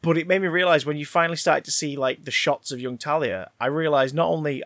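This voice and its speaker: Gravelly guy ranting about movies. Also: on the high side, quick pace, few pauses, fairly bright tone, no room sound. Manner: rambling, swears a lot, many restarts. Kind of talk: casual film discussion.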